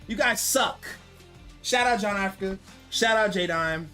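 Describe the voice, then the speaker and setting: A man hosting an esports fight show, giving excitable post-fight commentary with brash, repetitive trash talk. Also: high voice, a little slow, soft background music.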